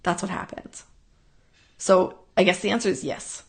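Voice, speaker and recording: Earnest woman rambling with a gravelly edge. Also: on the low side, moderate pace. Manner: rambling, earnest, repeats herself, sniffs. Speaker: host answering viewer questions. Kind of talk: casual spiritual talk, live stream.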